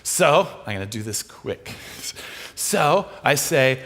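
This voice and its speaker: A man's voice: medium pitch, big pitch swings, slow, a bit bright. A man preaching a sermon in a large church, telling stories and acting out the dialogue in shifting voices. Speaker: guest preacher. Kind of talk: sermon storytelling.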